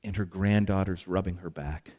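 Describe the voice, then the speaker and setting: Animated man preaching a story-driven sermon. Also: sits low, moderate pace. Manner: animated storyteller, acts out exasperated sighs and asides. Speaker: pastor.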